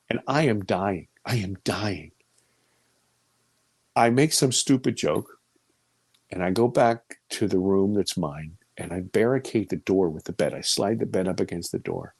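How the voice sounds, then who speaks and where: A man in his fifties telling a personal story as an interview guest, animated and swinging between loud exclamations and hushed near-whispers. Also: lowish voice, dry recording. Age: 50s.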